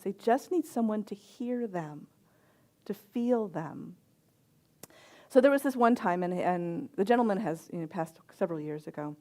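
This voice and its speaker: A middle-aged woman, a reverend and chaplain, giving a sermon with personal stories in a gentle, reflective voice with soft pauses. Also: on the low side.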